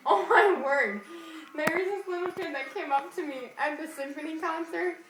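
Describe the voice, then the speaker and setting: A woman's voice: very high-pitched, moderate pace. A young woman with hiccups chatting and giggling in a casual home video. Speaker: vlogger with hiccups. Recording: echoey room with music behind.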